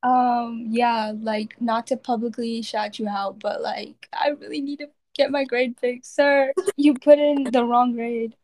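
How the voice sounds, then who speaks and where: A woman's voice: fairly high pitch, little pitch movement, measured pace, few pauses, a little mellow. A teenage girl co-hosting a podcast, rambling in casual chat with lots of "like" fillers. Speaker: podcast co-host.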